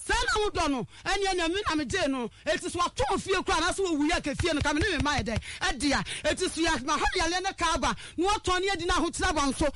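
A woman telling a personal story, animated, acting out the people she quotes and raising her voice at times. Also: extremely high pitch, fast talker, hardly any pauses, slight background noise.

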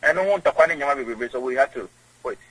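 A man's voice: mid-range voice, expressive, fast talker, a bit bright, breathy edge, rough recording. A man with a Ghanaian accent, a guest in an interview, who rambles and repeats words. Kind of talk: conversational interview.

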